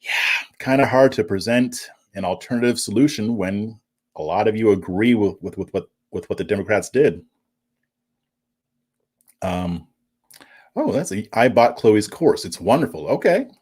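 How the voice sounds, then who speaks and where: A man's voice: lowish voice, expressive, normal speed, pauses often, darkish tone, slightly rough. A man hosting a political commentary livestream, reading viewer comments in a casual, chuckling way and often stumbling over and repeating words. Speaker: political commentary show host.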